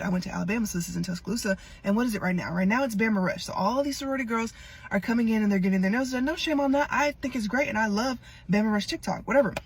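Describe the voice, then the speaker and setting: A woman's voice: mid-range voice, slight background noise. A young woman telling a rambling, chatty storytime about a salon visit, with exasperated asides. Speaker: TikTok storyteller. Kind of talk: casual storytime.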